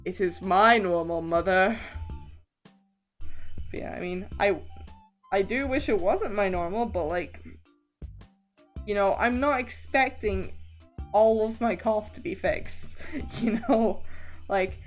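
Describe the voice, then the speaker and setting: A woman's voice: mid-range voice, slow pace, long pauses. A young woman streamer chatting casually during a drawing stream, rambling, laughing often and swearing now and then. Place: home streaming setup. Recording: faint background music.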